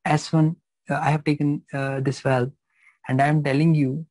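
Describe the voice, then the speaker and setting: A man's voice: fairly high pitch, flat delivery, normal speed, darkish tone, dry recording, low-quality recording. A man teaching a live physiology class, repeating phrases and checking that students understand.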